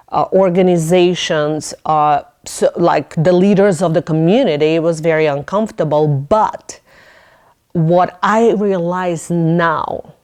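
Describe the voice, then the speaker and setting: A woman's voice: low-pitched, clean tone. A woman hosting a podcast in casual interview talk, telling stories with lots of animation and frequent laughs. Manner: animated storytelling, laughing often; acts out her own thoughts in a raised voice. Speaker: podcast host.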